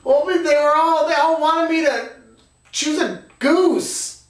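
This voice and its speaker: A high, earnest young boy at summer camp, pleading and exasperated, as a man puts him on. The voice sits well above a grown man's and carries roomy echo, picked up from some distance off the mic. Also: slow pace.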